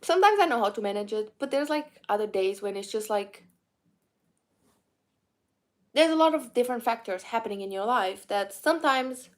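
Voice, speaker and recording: A woman's voice: fairly high pitch, animated, normal speed, pauses often. A young woman from Romania with a mixed Romanian accent, chatting candidly to viewers in a rambling way with many fillers. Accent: Romanian, mixed with British and Irish. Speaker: vlogger. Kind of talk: casual eat-with-me chat answering viewers.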